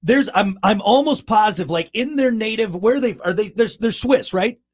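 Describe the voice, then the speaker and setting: A man co-hosting a podcast, chatting casually and riffing with animated emphasis. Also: sits high, normal speed. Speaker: podcast co-host. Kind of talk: casual chat.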